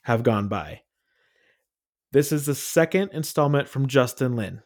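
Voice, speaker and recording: A man co-hosting a casual podcast, leading the talk in a relaxed, storytelling way. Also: mid-range voice, unhurried. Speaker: podcast co-host. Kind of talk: casual chat.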